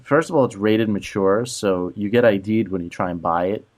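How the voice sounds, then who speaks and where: This man co-hosts a laid-back podcast, telling exasperated stories about rude strangers and leaning on "like" as filler. His voice is fairly low and darkish, with a moderate pace.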